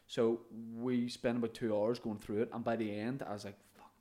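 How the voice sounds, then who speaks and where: A man's voice: medium pitch, little pitch movement, normal speed, mellow. A man, a comedian and podcast co-host, telling stories in casual chat, laughing often and swearing now and then.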